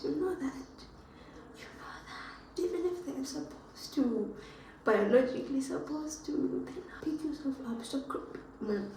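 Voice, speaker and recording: A tearful young woman murmurs hushed, urgent self-talk. Her whisper comes through thin and distant on a quiet recording, with a mellow tone and a faint hiss. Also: a little high, heavy reverb.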